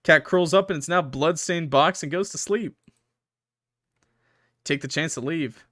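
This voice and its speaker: A man's voice: fairly high pitch, measured pace, pushed and bright, no echo, clean studio sound. A young man playing a horror game, reading its text aloud with dramatic swings and joking asides. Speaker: gaming YouTuber.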